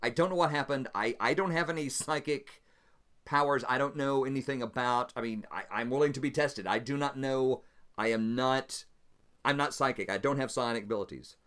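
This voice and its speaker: A man's voice: mid-range voice, fairly quick, fairly bright tone, lightly acted. A man voicing a nervous accused man who stammers as he pleads his innocence in a solo tabletop game. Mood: nervous, pleading.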